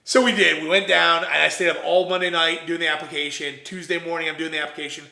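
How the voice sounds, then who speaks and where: A young man from Ohio tells his business story with a bright, fairly high voice. He talks in a casual, animated way, acting out the lines of everyone in the story. The room sounds echoey around him. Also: quick pace, gravelly. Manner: animated, quotes himself and others in lively voices. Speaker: entrepreneur guest.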